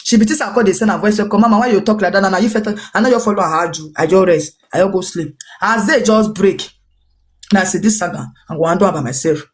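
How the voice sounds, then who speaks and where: A woman speaking in a Nigerian Pidgin English accent pours out a long, rambling account at a very fast clip, circling back over the same points. She acts out snippets of what others said as she goes. Her voice sits at a middling pitch for a woman. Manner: rambling, repetitive, animated retelling with quoted dialogue. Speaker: social media personality. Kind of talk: gossipy storytelling recounting a dispute.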